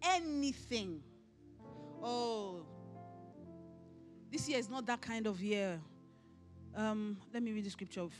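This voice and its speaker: A middle-aged woman pastor with a Nigerian accent, preaching emphatically at a conference and often raising her voice to a shout. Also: medium pitch, slow pace, pauses often, faint music behind. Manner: emphatic, animated preaching with rising shouts and mimicry. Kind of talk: conference sermon. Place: conference hall.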